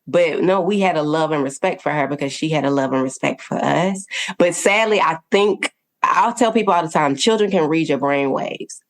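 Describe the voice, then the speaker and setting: A woman's voice: deep voice, normal speed. A woman guest on a podcast, telling her parenting story in an earnest, conversational way, laughing often and checking in with her listeners.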